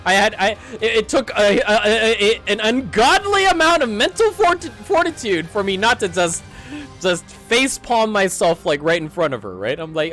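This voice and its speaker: A man's voice: high-pitched, normal speed, faint music behind. A man casually ranting through a story from his retail job, acting out the dialogue and swearing as he goes. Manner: animated, acts out dialogue, swears and laughs. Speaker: streamer telling a work story.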